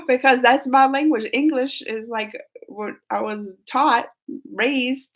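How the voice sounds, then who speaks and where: A woman's voice: high-pitched, fairly even intonation, slow. A woman from New Orleans with a Southern accent, chatting casually and giggling as she reads viewer comments on her live stream. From New Orleans, Louisiana, US. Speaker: YouTube host.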